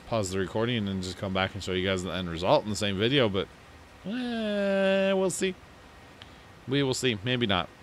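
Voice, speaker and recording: A man with a low voice talks through his farming game in a loose, rambling way, poking fun at his own slips. He sounds drowsy after a big lunch, and a faint hum of game machinery runs underneath. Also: fairly bright tone. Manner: rambling, self-mocking, yawning. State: sleepy. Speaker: let's play host. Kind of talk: casual gameplay commentary.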